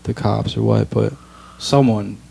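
A man's voice: on the low side, fairly even intonation, a little slow, gravelly, warm tone, husky. A man co-hosting a podcast, telling a story in casual talk that halts and restarts, with lots of "you know". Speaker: podcast co-host. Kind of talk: casual chat.

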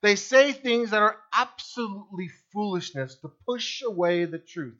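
Speaking at a normal speed, a pastor delivers a sermon in a high, animated voice with wide swings as he presses each point. Rhetorical questions are aimed at the congregation, captured on a dull, lo-fi recording.

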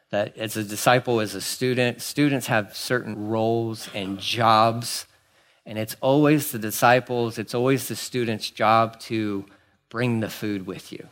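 Animated male preacher, conversational. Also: medium pitch. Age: adult, married. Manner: animated, swings from hushed asides to emphatic exclamations. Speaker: pastor. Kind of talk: sermon.

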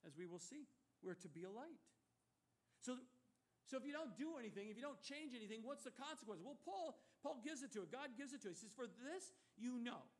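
A middle-aged male pastor delivers a sermon in a notably high voice. He preaches emphatically, rising to loud rhetorical questions and dropping to hushed, earnest warnings.

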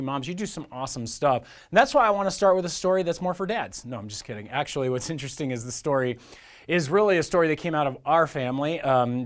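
A middle-aged man preaching as a pastor in a casual, joking, storytelling way. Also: mid-range voice. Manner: folksy, joking, conversational.

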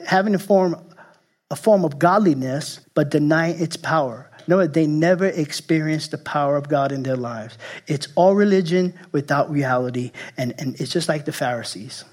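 A high-pitched man delivering a sermon from the pulpit. He talks emphatically, doubling back on his words and poking fun at himself. At moments he sinks to a hushed, intense tone. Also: moderate pace. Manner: repeats and restarts phrases, emphatic, jokes at himself. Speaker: pastor.

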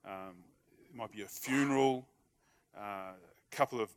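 A man's voice: on the low side, normal speed. A man preaching a sermon in a conversational, humorous way, acting out short everyday dialogues. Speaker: pastor.

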